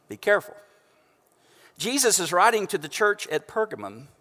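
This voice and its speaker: A man's voice: high voice, a bit bright. Man preaching in a ringing church. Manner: conversational and joking with the congregation. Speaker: pastor. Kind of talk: sermon. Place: church stage. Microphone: stage microphone through house speakers. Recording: long church reverb.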